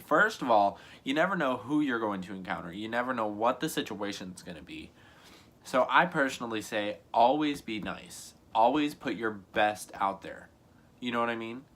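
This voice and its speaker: A man's voice: mid-range voice, fairly bright tone. A young man telling a casual storytime vlog to camera, rambling and earnest, full of "like" and "you know what I mean". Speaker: YouTuber.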